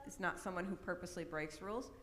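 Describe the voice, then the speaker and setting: This woman talks quickly, her fairly low voice a bit bright, as she leads a casual workshop. She's middle-aged and chatty, often saying "um" and "right?" Recorded in a large church hall, the sound carries long reverb and faint noise.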